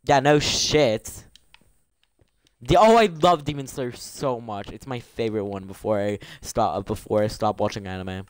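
Teen male streamer, excitable banter, clean and resonant tone. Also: mid-range voice, measured pace, clear, resonant tone, dry recording. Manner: excitable, gasping, bantering with chat. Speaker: game streamer. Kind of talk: live gaming stream chat.

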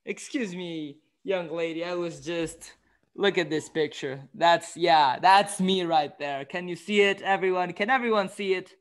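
A man playing a vain, gallant young gentleman from the past while hosting a comic skit, with a pompous, self-admiring manner. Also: high voice, a little slow. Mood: mock-gallant. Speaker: show host.

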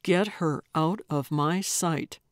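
A woman's voice: low voice, takes it slowly, no echo, studio quality. Brief: exasperated stern lawman, read by a woman narrator, clipped. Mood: curt. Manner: curt, exasperated. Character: impatient, stern male deputy.

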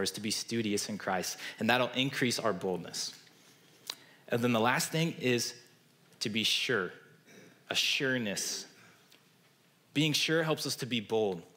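A man with a Midwestern American accent delivers a sermon from a church pulpit. His voice sits at an ordinary middle pitch, and he talks earnestly and conversationally, tossing in quick "right?" asides to the congregation. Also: a bit bright. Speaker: pastor. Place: church sanctuary.

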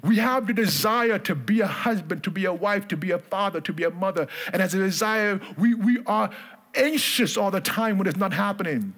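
A man's voice: high-pitched, brisk, fairly bright tone. A male pastor preaching a sermon in church, emphatic and repetitive, calling on the congregation to answer.

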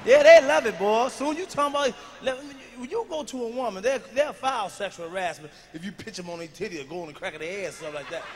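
A man doing a profane stand-up routine, dropping from mumbled asides to shouted punchlines, in a large live venue. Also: sits high, fast talker, hardly any pauses. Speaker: stand-up comedian. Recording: long hall reverb, faint noise.

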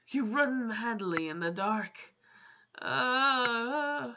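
High-voiced woman reading game text aloud. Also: lively intonation, takes it slowly, bright, forceful tone, slight background noise. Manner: reads on-screen text aloud and mixes in swearing and exasperated asides. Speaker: gamer playing on video. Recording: game music under the voice.

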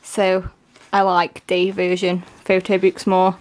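A woman gushing excitedly through a casual unboxing, her voice strained and giving out. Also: lowish voice, slow. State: voice giving out, coughing. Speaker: K-pop album unboxer.

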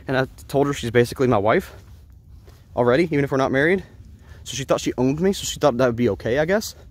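A man's voice: medium pitch, quick pace. A man telling a personal story in an earnest, rambling way, often restarting his sentences. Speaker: vlogger.

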